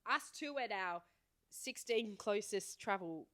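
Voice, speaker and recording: A young woman, co-hosting a podcast in a playful, animated, storytelling chat. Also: mid-range voice, takes it slowly, dry recording. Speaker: podcast co-host. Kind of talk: casual chat.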